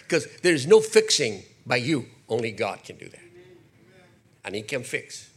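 An older man preaching a sermon, animated, slipping into acted quotes and jokey asides. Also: medium pitch, measured pace, breathy edge. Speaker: pastor.

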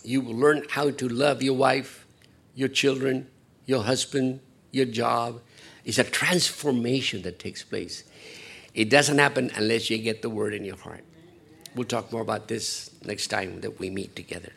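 A male pastor delivers a sermon in a gravelly, husky voice. He rambles and pokes fun at himself, dropping to hushed asides before rising into loud, emphatic lines. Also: mid-range voice, fairly even intonation, a little slow. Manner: rambling, self-deprecating, swings from hushed to emphatic.

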